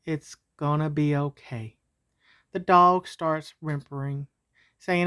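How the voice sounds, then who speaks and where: A woman's voice: low-pitched, fairly even intonation, slow, a bit bright, clear, resonant tone. A woman telling a homemade story in a casual, meandering way. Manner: casual, meandering, with fillers and restarts.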